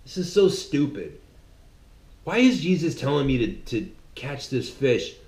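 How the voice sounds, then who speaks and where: A man's voice: medium pitch, big pitch swings, unhurried, darkish tone. A man voicing Peter as an exasperated fisherman who grumbles under his breath. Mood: grumbling. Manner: muttering, exasperated. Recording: roomy echo.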